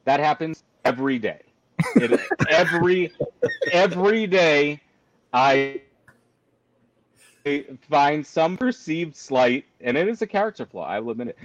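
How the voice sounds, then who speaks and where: A man telling a long story on a call in an animated, ranting way, jumping high when he quotes himself. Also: no room sound, low-quality recording.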